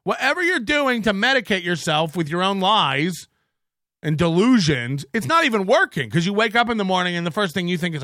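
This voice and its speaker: A middle-aged man hosting his show in a profane, mocking rant that rambles from point to point. His voice rides high and swoops around with a bright edge. It is recorded dry on a close mic. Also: big pitch swings, normal speed, no echo. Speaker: podcast host. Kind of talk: casual rant reading chats.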